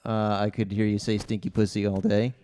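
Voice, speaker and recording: A man judging a comedy contest, roasting a contestant in a halting, filler-heavy delivery at a live venue. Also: fairly low pitch, little pitch movement, mellow, no echo, clean studio sound. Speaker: judge.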